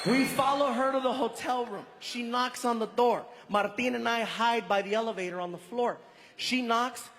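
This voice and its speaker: A man performing stand-up, telling a story in an animated, theatrical way on a live stage. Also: very high voice, moderate pace. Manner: animated, loud and theatrical delivery. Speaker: stand-up comedian. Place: large live comedy venue. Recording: stage mic in a reverberant hall with loud crowd noise.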